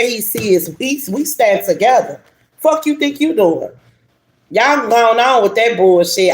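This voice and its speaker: A woman giving a casual tarot reading to her viewers, blunt and animated, cursing and laughing freely. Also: medium pitch. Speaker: tarot reader. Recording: roomy echo, faint hiss.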